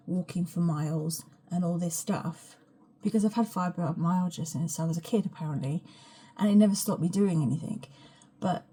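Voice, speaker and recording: Chatty woman with a mellow voice. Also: lowish voice, slightly rough. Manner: frank and chatty, swears, often drops to a whisper. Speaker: vlogger. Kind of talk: rambling casual vlog chat. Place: home kitchen, standing.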